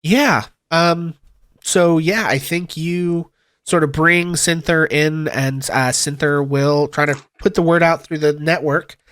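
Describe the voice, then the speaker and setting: Guy running a tabletop game, kinda high voice, lots of ums and uhs, dry close sound. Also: steady tone, slow, fairly bright tone, no echo. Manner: rambling with many fillers. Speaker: game master.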